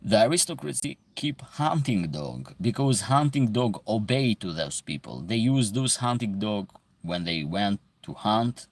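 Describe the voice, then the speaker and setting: Gravelly low-voiced man. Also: sing-song, measured pace, no room sound. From Epirus. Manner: explains at length, reading and answering chat comments. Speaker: livestream host answering viewer questions. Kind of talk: casual livestream talk.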